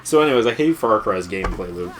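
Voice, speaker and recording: A let's play host with a lowish, animated, slightly bright voice talks at a quick pace over soft background music. His casual gaming commentary is full of swearing and laughter, and he mimics others' lines to mock them.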